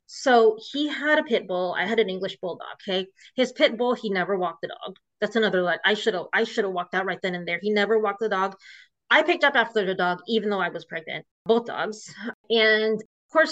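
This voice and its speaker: Woman, thirties, emotional personal storytelling, many fillers and restarts, mid pitch, muffled lo-fi sound. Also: a bit bright. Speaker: podcast guest. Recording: muffled lo-fi recording.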